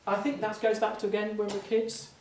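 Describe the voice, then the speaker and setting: A man, an impressionist, telling lively anecdotes to an audience in a Q&A, often restarting mid-sentence. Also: high-pitched, a little fast. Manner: animated, lively storytelling with frequent restarts and laughs. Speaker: impressionist speaking as guest. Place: large hall before an audience. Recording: echoey hall, mic from a distance, faint noise.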